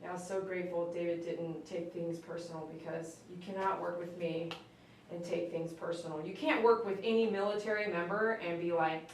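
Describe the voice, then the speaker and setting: A woman's voice: fairly low pitch, takes it slowly, pauses often, slight background noise. A woman dog groomer chatting casually on a live stream as she works, coaxing the dog in a sing-song voice. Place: grooming room. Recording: very echoey room, mic at a distance.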